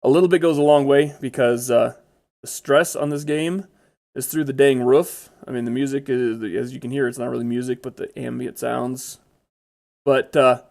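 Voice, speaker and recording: A man's voice: medium pitch, fairly even intonation, normal speed, vocal fry, a little mellow. A man giving casual, chatty commentary over his own gameplay, blurting out exclamations when startled.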